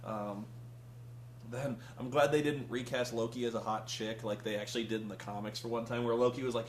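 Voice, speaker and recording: A man's voice: mid-range voice, steady tone, a little fast, slight background noise. A man reviewing a film in casual chat, rambling and profane, often acting out characters' lines. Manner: rambling, profane, acts out quotes.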